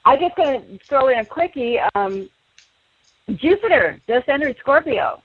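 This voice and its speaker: A friendly woman astrologer co-hosting a call-in show, taking callers briskly. Her voice sits a little high. The sound is dry and muffled, with no room at all. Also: lively intonation, slightly rough, no echo. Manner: friendly, brisk, fills in with mm-hmm. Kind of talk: call-in radio show, casual.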